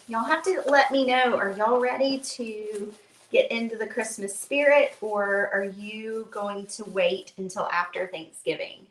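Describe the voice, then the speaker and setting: A woman's voice: mid-range voice, a little slow. Chatty woman on a craft stream. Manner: chatty, rambling storyteller with fillers. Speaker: craft instructor hosting a live stream. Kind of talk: casual live craft stream chat. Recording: echoey room with faint noise.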